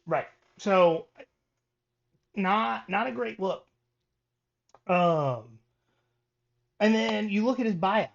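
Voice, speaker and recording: A man on a casual sports podcast runs through coaching records, stopping and restarting as he goes. His voice sits a little high for a man. The recording is dull and lo-fi. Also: extremely slow, vocal fry, long pauses. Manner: reads stats with many ums and restarts. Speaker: podcast co-host.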